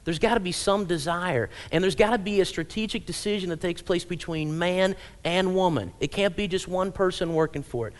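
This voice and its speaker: A man's voice: sits high, a little fast, hardly any pauses. A male pastor giving a conversational, humorous sermon in a church, often checking in with the congregation. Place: church sanctuary.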